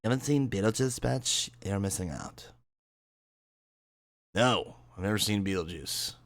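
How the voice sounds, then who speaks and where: A man's voice: fairly low pitch, lively intonation, unhurried. A man streaming live, joking and teasing his chat in a casual way.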